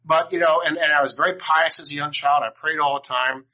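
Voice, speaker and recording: On poor audio, an older D.C. man addresses a class with personal stories, rambling, joking, and restarting his sentences often. His voice is a little high, steady, and sharp, and he talks a little fast.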